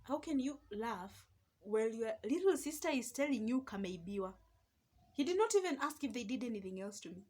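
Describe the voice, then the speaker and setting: A young woman with a Kenyan accent, telling a personal story in a lively, casual vlog and slipping between Swahili and English. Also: fairly high pitch, a little fast. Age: young adult. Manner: animated, mixes Swahili and English. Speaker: vlogger.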